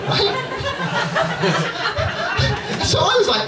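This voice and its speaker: A man's voice: sits high, big pitch swings, normal speed, far from the mic. A man from Dorset doing chatty, profane stand-up with crowd work in a London comedy club, tagging lines with "right?". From Dorset, England. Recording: roomy live club, loud audience noise.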